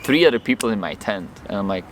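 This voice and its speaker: A man vlogging outdoors, telling a personal story to camera in an animated way and acting out the lines of people in it. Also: on the low side, fast, slight background noise. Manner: animated, acts out his own and others' lines in the story.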